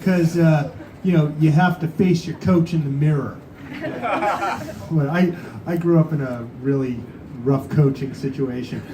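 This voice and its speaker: A man's voice: a little high, unhurried. A man hosting a live show, loose and chatty, often filling with "uh.". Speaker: show host. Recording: echoey room with background noise.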